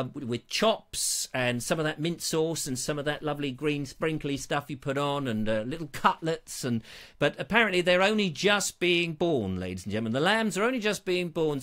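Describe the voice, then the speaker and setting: A man's voice: on the high side, a bit bright. A middle-aged man hosting a live online show, chatting to viewers with theatrical, teasing jokes and asides. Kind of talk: chatty live-stream monologue.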